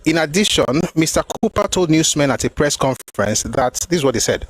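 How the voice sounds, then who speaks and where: A talk show host reads from a book and unpacks each point, repeating phrases emphatically to drive them home. His voice is fairly high and animated, moving at a fairly quick pace. The recording is rough, with a little hiss or hum.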